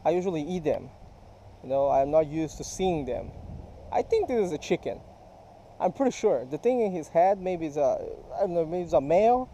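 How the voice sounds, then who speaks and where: A man's voice: sits high, lively intonation, fairly quick, dark tone, a little hiss or hum, rough recording. A man chatting to his viewers while fishing outdoors beside a creek, talking casually as he goes. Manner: chatty, addresses viewers directly. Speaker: fishing vlogger. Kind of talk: casual outdoor vlog narration.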